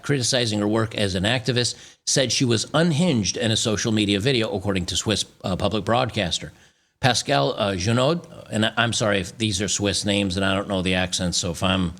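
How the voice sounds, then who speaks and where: A man's voice: fairly low pitch, fairly bright tone. A man from the United States hosting an opinion commentary, reading news aloud and reacting, often stumbling and restarting. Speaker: channel host.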